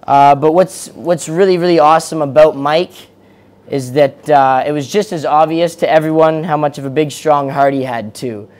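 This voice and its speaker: A man with a fairly high voice reads a memorial eulogy from his notes. He keeps it casual and easygoing, with plenty of fillers as he finds his place. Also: fairly even intonation, moderate pace, a little mellow. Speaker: eulogy speaker.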